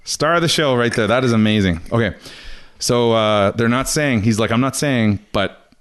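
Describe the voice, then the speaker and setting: His voice is medium-pitched, smooth, and fairly bright, moving at a moderate pace as this young man hosts his podcast. He chats casually, laughs often, and reads articles aloud, mimicking quotes in a mock voice.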